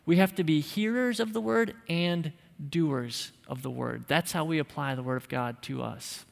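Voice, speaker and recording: A male pastor with a slightly high voice and some vocal fry preaches at a normal speed, emphatic and conversational with touches of light humor. A long church-hall reverb trails each of his words.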